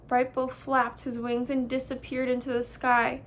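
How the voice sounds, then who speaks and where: A woman reading a children's novel aloud as host, with expressive storybook narration. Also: a little high, normal speed, few pauses, a little hiss or hum.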